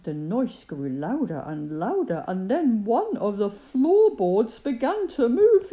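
A woman reading a children's story aloud in an expressive, sing-song way. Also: fairly high pitch, slow, few pauses.

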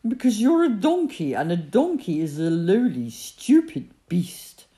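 A woman voicing a haughty, sneering male camel in a storybook tale, scornful and loud. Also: lowish voice, big pitch swings, a little slow.

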